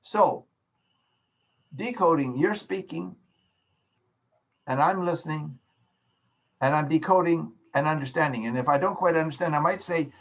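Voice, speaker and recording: A man giving an online lecture as a professor, his voice sitting a little high for a man. He explains slowly and patiently with homely examples, speaking into a computer mic on a video call. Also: animated.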